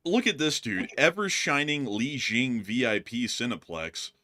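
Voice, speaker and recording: A man's voice: medium pitch, animated, a little slow, bright, forceful tone. A male co-host chatting casually on a livestream, laughing often and thanking supporters.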